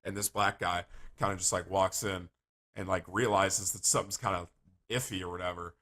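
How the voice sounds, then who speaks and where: A man livestreaming, telling rambling stories to his chat in a casual, animated way and swearing freely. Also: sits low, a little fast. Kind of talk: casual storytelling to stream chat.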